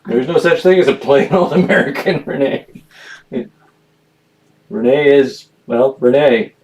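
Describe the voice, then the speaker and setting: A man's voice: mid-range voice, measured pace, a little mellow, far from the mic, low-quality recording. A man in his fifties co-hosting a live painting stream, who jokes around and laughs a lot in casual chat. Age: 50s. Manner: playful, joking, laughs a lot. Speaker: co-host.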